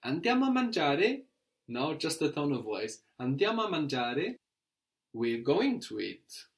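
A man teaching a guided language lesson, asking prompting questions and slowing down to model phrases. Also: mid-range voice, sing-song, creaky.

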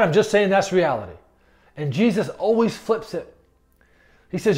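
High-voiced man preaching a sermon. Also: sing-song, normal speed, long pauses, darkish tone. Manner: conversational preaching, emphatic, with repeated restarts. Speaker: pastor.

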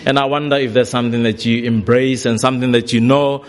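A man's voice: medium pitch, level tone, quick pace. A man preaching a sermon in a church hall, earnest and repeating key phrases for emphasis. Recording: long reverb of a large hall.

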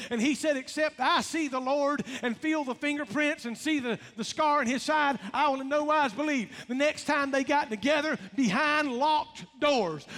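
A man's voice: extremely high pitch, a bit bright. A man preaching a sermon, calling out to the congregation in a rhythmic, rising delivery. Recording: long reverb of a large hall.

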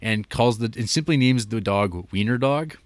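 A man's voice: mid-range voice, animated, moderate pace, no room sound. A North American man in a casual movie chat, rambling with lots of "like" and small laughs. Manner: rambling, many likes and laughs.

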